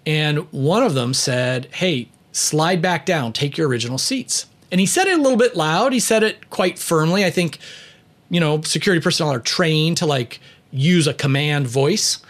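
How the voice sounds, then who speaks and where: Man, slightly high-pitched, casual storytelling, conversational, filler-heavy, talks on leadership. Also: expressive, unhurried. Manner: conversational, many "you know" fillers, chuckles while telling. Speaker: leadership and personality speaker.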